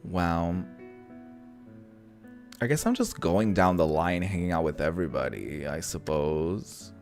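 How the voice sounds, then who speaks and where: A man's voice: low-pitched, lively intonation, measured pace, darkish tone, soft background music. A man giving casual, playful commentary over a video game, teasing the characters and laughing at the dialogue. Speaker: gaming video creator.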